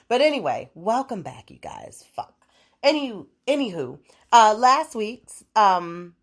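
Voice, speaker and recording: A young woman with a slightly low voice hosts a solo podcast. She rambles and swears freely, breaking into laughter as she talks in an easy, casual chat. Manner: profane, rambling, laughing storyteller. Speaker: podcast host.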